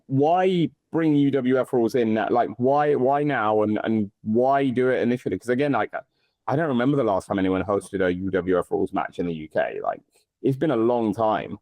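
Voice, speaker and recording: A man's voice: medium pitch, animated, normal speed, a little mellow, dry recording. A man hosting a podcast, chatting in an upbeat, teasing way during a casual interview. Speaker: podcast host.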